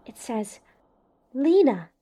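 An actress playing a calm, curious young woman who soothes her friend in a gentle, reassuring, often hushed voice, in an audio drama. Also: high voice, slow, heavily acted. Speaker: voice actor.

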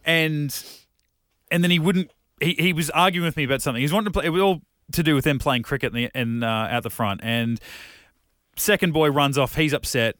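Fast-talking man, swearing storyteller. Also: on the high side, fairly bright tone, no room sound, studio quality. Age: 30s. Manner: rambling storyteller who swears freely. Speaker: podcast co-host. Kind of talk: casual chat.

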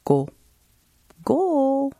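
A woman putting on an elderly grandfather's voice. He is gruff but affectionate and drags out his broken English in slow, halting phrases. The recording is dry and close, with no room sound. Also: sits high, huge pitch swings, dark tone, dry recording, pitched above the performer's own voice, exaggerated voice. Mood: doting.

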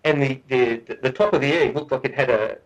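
A man's voice: medium pitch, brisk, muffled recording. A middle-aged man, a guest researcher, telling a story in a podcast interview, earnest and often restarting and repeating his words. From Australia.

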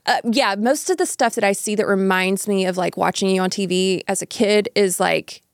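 A young woman in casual chat, enthusiastic and quick to laugh. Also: mid-range voice, dry recording, clean studio sound. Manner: enthusiastic, giggly.

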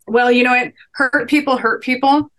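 A woman's voice: sits high, fairly even intonation, moderate pace, a bit bright. A middle-aged woman, a podcast guest, telling personal stories in an earnest, emphatic way during a sit-down interview. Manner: earnest, emphatic storytelling with inspirational lines.

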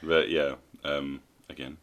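A man's voice: rumbling low, little pitch movement, a little slow, a crowd in the background. A young man co-hosting a podcast, hungover and drinking, chatting casually and laughing often. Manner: laughs a lot, loose drinking banter. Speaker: podcast co-host. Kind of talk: casual chat.

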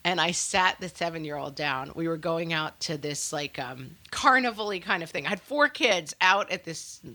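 A woman co-hosting a parenting podcast, telling stories in a chatty way with quick asides. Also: deep voice, pushed and bright. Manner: chatty, storytelling with fillers and acted quotes. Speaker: podcast co-host. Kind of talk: casual chat.

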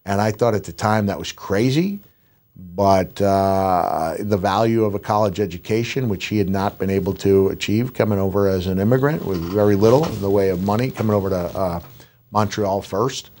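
A middle-aged man and retired wrestler telling animated, rambling stories in a casual podcast chat. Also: on the low side, moderate pace. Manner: animated, rambling anecdotes with restarts.

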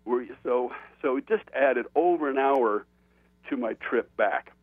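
A man's voice: mid-range voice, measured pace, no room sound. Guy author telling a story on a call, laughs a lot, trips over his words, dry tinny phone sound. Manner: animated, laughs often, frequent restarts. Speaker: author guest on a show. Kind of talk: anecdotal storytelling in an interview.

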